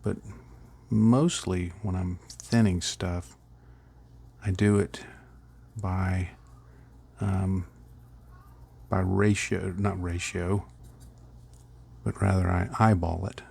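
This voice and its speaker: A man's voice: sits low, steady tone, slow pace, creaky, long pauses, a little mellow, slightly rough. A middle-aged man casually rambling through a miniature painting tutorial, chuckling at his own slips.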